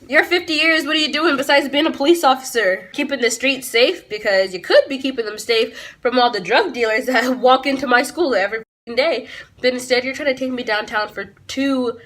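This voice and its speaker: Sassy, bright-voiced teen girl vlogger. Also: sits high. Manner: sassy, blunt, swears freely; quick asides and self-aware laughs. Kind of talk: storytime vlog.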